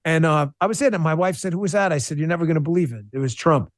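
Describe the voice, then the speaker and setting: A man with a fairly high voice speaks as an interview guest, recorded dry and close. He tells his story with feeling, breaking off and restarting his sentences. He turns blunt and combative when he argues. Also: rapid-fire, dry recording. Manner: emotional, animated storytelling with restarts. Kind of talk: podcast interview.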